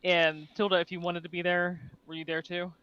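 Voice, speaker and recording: Casual sarcastic player, bright voice, dull lo-fi recording. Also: medium pitch, level tone, a little fast, smooth, no room sound. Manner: casual, chatty, sarcastic asides. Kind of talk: casual tabletop play.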